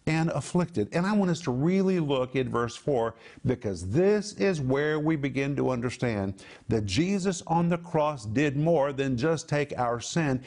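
A man's voice: medium pitch, animated, a little slow, darkish tone. A middle-aged man preaching a sermon, emphatic and repeating words for stress. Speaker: pastor.

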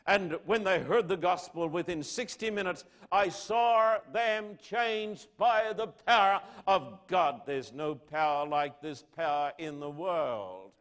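A man preaching a sermon to his congregation, asking rhetorical questions and swinging between loud declarations and hushed lines. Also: high voice, lively intonation, slow, few pauses. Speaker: pastor.

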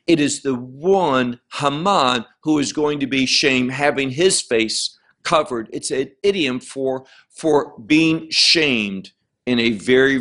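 A man's voice: medium pitch, a bit bright. A man teaching verse by verse through a Bible chapter, stressing each point and explaining Hebrew words.

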